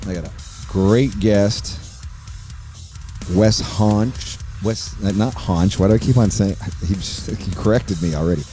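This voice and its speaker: Faint music plays behind a podcast host whose voice is on the low side, slightly slow, and dark in tone. He kicks off his casual intro monologue with a hyped, sing-song greeting, then rambles loosely and swears freely.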